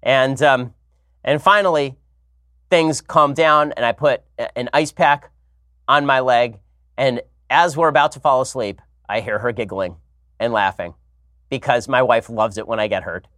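A man hosting a commentary show, telling stories in a casual, animated way with sarcastic asides. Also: mid-range voice, unhurried, dry recording, studio quality. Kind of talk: casual comedic monologue.

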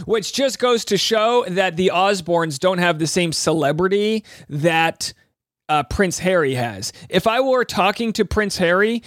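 Guy hosting a podcast, kinda high voice, dry close sound, sarcastic and rambling, talks animated. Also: no room sound. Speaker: podcast host. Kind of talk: commentary podcast with clips.

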